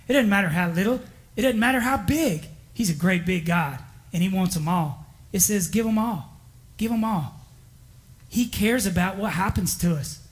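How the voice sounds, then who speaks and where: A man preaching a sermon in a folksy, emphatic way, repeating his key lines and chuckling between them. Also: high-pitched. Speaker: pastor. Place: church.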